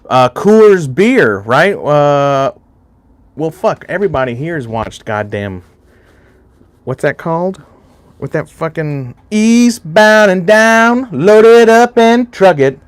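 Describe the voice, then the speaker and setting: A man's voice: medium pitch, dry recording. Rambling, profane livestream guy. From Alaska. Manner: rambling and heavily profane, chatting directly to viewers. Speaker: livestream host. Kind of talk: casual livestream chat with viewers.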